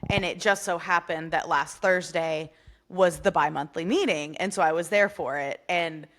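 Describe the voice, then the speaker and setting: A woman's voice: lowish voice, moderate pace, fairly bright tone. A woman co-hosting a podcast in casual chat, telling stories in an easygoing way on a video call. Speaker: podcast co-host.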